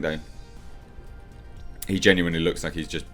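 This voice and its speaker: A man's voice: lowish voice, expressive, moderate pace, a bit bright, soft background music. A man reviewing a movie trailer in casual reaction commentary, opinionated and rambling as he thinks aloud with frequent ums.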